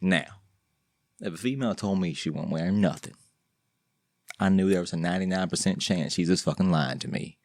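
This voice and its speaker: A man's voice: low voice, brisk, pauses often, darkish tone, dry recording, studio quality. A man hosting his own podcast, talking alone in a rambling, slangy, joking way with lots of restarts. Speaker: podcast host. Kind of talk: casual solo podcast monologue.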